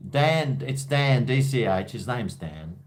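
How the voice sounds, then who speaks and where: A man's voice: mid-range voice, animated, slow. A man hosting a casual call-in live stream, rambling and tipsy between shots. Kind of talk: casual chat with callers.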